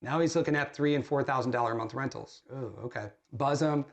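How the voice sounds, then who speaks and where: A man's voice: medium pitch, a little fast. A man with a mid-range voice coaches fellow agents in a plain, earnest way. He tells his stories candidly and often restarts his sentences partway through. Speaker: real estate agent coaching other agents. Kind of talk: storytelling in a sales training call.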